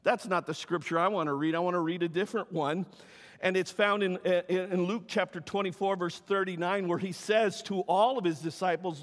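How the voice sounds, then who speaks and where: A male pastor preaching a sermon, emphatic, swinging between loud cries and hushed, soft talk. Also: high voice, fairly even intonation, brisk. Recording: long reverb of a large hall.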